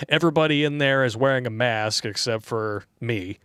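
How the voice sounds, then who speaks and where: A man co-hosting a casual talk show, reading donations aloud, animated and profane with frequent laughter. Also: medium pitch, moderate pace, clean tone, dry recording, clean studio sound. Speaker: podcast co-host.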